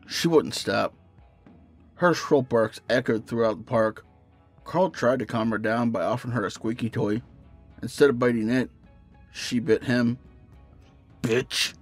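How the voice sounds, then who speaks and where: Un hombre, presentador de un canal de terror, que lee en voz alta una historia de miedo con narración pausada y constante. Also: male voice, on the low side. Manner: steady storytelling narration. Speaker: horror story narrator and channel host. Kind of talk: reading a creepypasta aloud.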